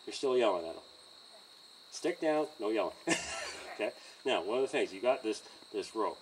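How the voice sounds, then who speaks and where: A man teaching horse handling outdoors by a trailer, in a calm coaching manner with frequent okays and chuckles. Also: fairly low pitch, normal speed, far from the mic, noisy background. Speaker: horse trainer. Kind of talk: hands-on training demonstration.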